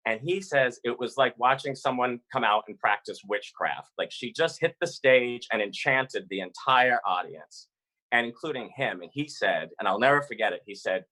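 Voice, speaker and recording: A man from Massachusetts telling a personal story live over a video call, animated and chatty with fillers. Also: mid-range voice, moderate pace, rough recording.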